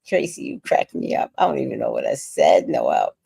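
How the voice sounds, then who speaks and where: Chatty tired woman in her sixties, gravelly. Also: a bass voice, huge pitch swings, a little fast, dark tone, no echo. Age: 60s. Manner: chatty, reacts to viewer comments with laughter and sudden sung bits. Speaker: livestream host reading chat. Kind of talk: casual livestream chat.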